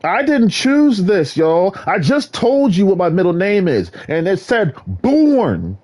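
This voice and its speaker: Animated husky man rambling to camera. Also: slow pace. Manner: animated, jumps between topics, bursts into high exclaims. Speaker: vlogger. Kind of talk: rambling solo monologue.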